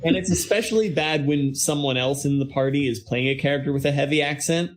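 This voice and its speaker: A man's voice: a little high, fairly quick. A man in a casual podcast chat, speaking in a wry, teasing way. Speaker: actual-play podcast cast member.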